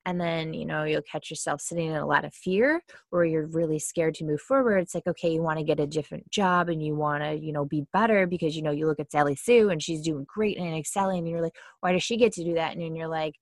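A woman with a lowish voice talks casually about mindsets, leaning on fillers like "kinda" and slipping into little acted complaints. The sound is close and dry, with no room around it. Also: steady tone, fast, hardly any pauses, no room sound. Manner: chatty, many fillers, acts out quoted complaints. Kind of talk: casual explanatory talk.

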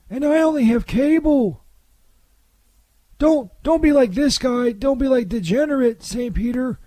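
A man doing a squeaky, stammering Saint Peter. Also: warm tone, no room sound. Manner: stammering, hesitant, touchy. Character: bumbling male Saint Peter auditioning for an ad. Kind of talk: comedy sketch.

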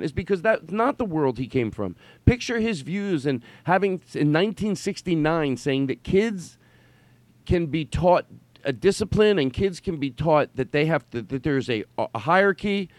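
A man's voice: high-pitched, animated, fairly quick, no echo. A man hosting a podcast, talking in a rambling, emphatic way with some swearing. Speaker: podcast host. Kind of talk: casual chat.

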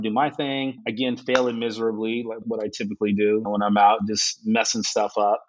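A man's voice: mid-range voice, husky, muffled recording. A man, a guest on a podcast, telling a funny story in a casual way and laughing often. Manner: laughs often, animated anecdotes. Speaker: interview guest.

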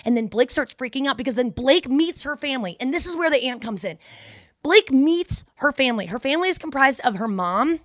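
A woman's voice: sits high, animated, no echo. Gossipy woman podcast host, dry sound. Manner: gossipy, fast, uses 'like' a lot. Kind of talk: casual chat recap.

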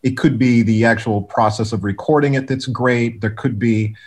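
A man's voice: medium pitch, normal speed, slightly rough. Man telling studio stories with energy. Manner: animated storyteller, many restarts, acts out quotes. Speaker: music producer guest. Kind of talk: relaxed interview storytelling.

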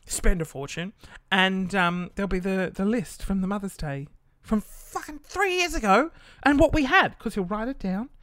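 A man's voice: high voice, normal speed, few pauses, a bit bright, no room sound. Brief: Australian man, casual monologue host, loose and sweary, dry recording. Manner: chatty and rambling, swears casually, many fillers.

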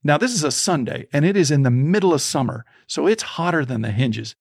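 A man, a storytelling coach, interviewed as a guest and telling a personal story in a vivid, animated way. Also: on the high side, a little fast, gravelly, no room sound, clean studio sound.

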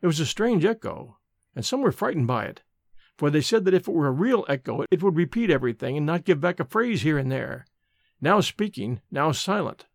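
A man's voice: on the high side, big pitch swings, a little fast, no room sound, clean studio sound. A man narrating a gothic ghost story aloud, reading expressively and dramatically.

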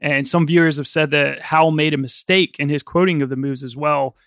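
Casual podcast host, male, a bit high-pitched, dry studio sound, chatty and loose. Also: steady tone, fairly quick, a bit bright, no room sound. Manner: chatty, laughs often, swears casually. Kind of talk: casual film podcast chat.

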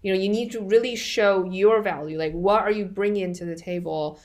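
A woman's voice: mid-range voice, moderate pace, darkish tone. A woman hosting a podcast, giving direct, practical business advice in a conversational way. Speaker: podcast host.

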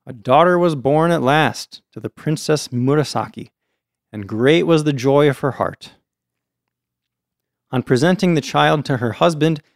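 A man's voice: a little high, dry recording, clean studio sound. A man hosting a casual show, reading a folktale aloud and breaking off for chatty asides to his co-host. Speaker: storyteller host.

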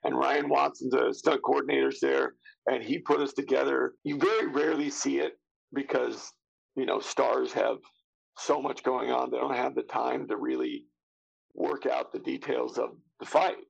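A man's voice: medium pitch, normal speed, creaky, husky, muffled recording. A man in his fifties, an actor guest telling stories casually, acting out what others said and swearing freely. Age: 50s. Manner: animated, acts out quotes of others, casual swearing. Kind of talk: casual anecdotal storytelling.

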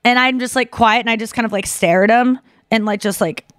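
A young adult woman hosting a podcast, telling a story casually and excitedly, with lots of "like" and acted-out quotes. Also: fairly high pitch, brisk, no room sound, studio quality. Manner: animated, excitable, heavy use of "like"; acts out quoted voices. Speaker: podcast host.

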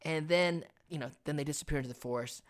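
A man's voice: fairly high pitch, quick pace. A man co-hosting a casual podcast, retelling a cartoon episode with laid-back storytelling and playful sound effects. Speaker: podcast co-host. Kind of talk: casual TV recap chat.

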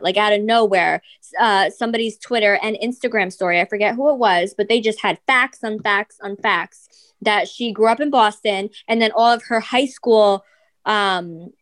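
A woman co-hosting a casual celebrity gossip podcast, chatty and full of fillers, swearing casually. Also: medium pitch. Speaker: podcast co-host.

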